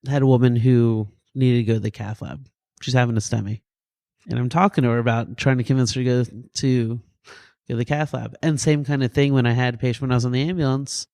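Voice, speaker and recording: Goofy, animated male storyteller. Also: medium pitch, quick pace, gravelly, no room sound, clean studio sound. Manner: animated, goofy storyteller who acts out quotes. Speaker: paramedic and EMS physician guest. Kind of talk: storytelling in a podcast interview.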